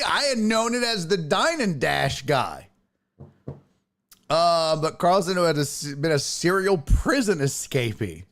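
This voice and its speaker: A man hosting a sports podcast, chatting casually, excitable and profane, often laughing and imitating voices. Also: medium pitch.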